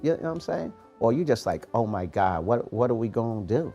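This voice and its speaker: Gravelly, animated motivational man. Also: mid-range voice, fairly quick, few pauses, dull audio, soft background music. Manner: preachy, animated, street-casual phrasing. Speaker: podcast host, motivational coach. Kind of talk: motivational talk.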